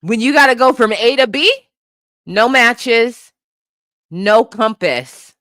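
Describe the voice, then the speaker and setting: A woman co-hosting a podcast, ranting in a profane, animated way and laughing often. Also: a little high, slow pace, no echo, studio quality. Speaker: podcast co-host. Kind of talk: casual comedic commentary.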